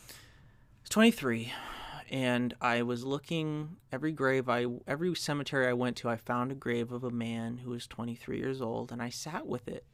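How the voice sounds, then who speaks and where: Young male podcast host, gravelly mid-range voice, dry close sound, reflective storyteller who restarts sentences. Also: mid-range voice, fairly bright tone, dry recording. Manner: reflective, searching for words with restarts. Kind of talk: personal storytelling.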